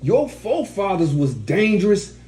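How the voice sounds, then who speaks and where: A man's voice: high-pitched, sing-song, moderate pace, a little mellow. A man teaching a study group, speaking in a blunt, profane, mocking way. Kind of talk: preaching to a class. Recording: echoey room, faint background noise.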